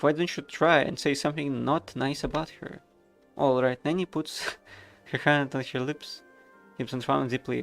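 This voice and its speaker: A man narrates a game live, reading its text and adding dry, offhand remarks. His voice is gravelly and creaky, and faint game music plays underneath. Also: medium pitch. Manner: wry, casual, reads narration aloud. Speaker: streamer.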